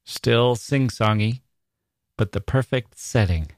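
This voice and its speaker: A man's voice: medium pitch, a little slow, no echo, clean studio sound. A man hosting a literary podcast, talking with enthusiasm about a poem and reading lines aloud with emphasis. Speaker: podcast host.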